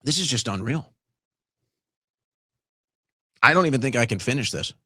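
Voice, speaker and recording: A man's voice: medium pitch, lively intonation, fast, sharp tone, slightly rough, no room sound, clean studio sound. A man hosting a live political commentary show, ranting indignantly and speaking straight to his audience as folks.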